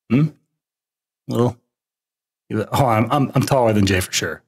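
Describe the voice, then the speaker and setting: A man's voice: medium pitch, moderate pace, long pauses, slightly rough. A man doing casual live-stream commentary while reacting to a video, laughing often and teasing.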